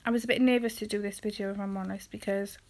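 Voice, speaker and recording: A woman speaks hesitantly in a personal confessional vlog, with many pauses and ums, often trailing off quietly. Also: medium pitch, steady tone. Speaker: vlogger.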